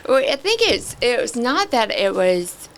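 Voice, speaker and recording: A middle-aged woman appears as a podcast guest, offering a candid personal testimony earnestly and haltingly, pausing often. Her voice is fairly high-pitched with a sing-song lilt.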